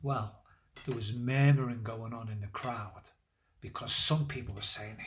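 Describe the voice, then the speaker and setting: A man in a church role, telling a Bible story to children at a school assembly in a gentle, conversational way with pauses and fillers. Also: fairly low pitch. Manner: lively, building energy toward the climax of the story.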